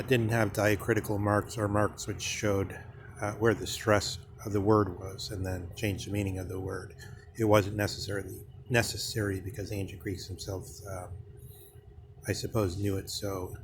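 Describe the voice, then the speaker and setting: A man giving a slow, halting philosophical monologue, full of pauses and fillers. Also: on the low side, noisy background. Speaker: speaker on philosophy.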